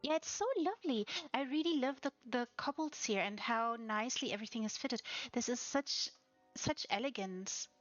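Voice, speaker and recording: A woman streaming a tour of player-built houses, gushing with breathy exclamations and soft whispers between her remarks. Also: fairly high pitch, moderate pace, dry recording. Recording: slightly dull lo-fi sound with faint music behind.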